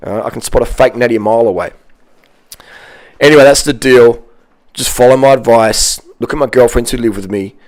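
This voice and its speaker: A man's voice: medium pitch, a little fast, darkish tone. Man, ranting monologue, blunt, profane, combative. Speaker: fitness vlogger.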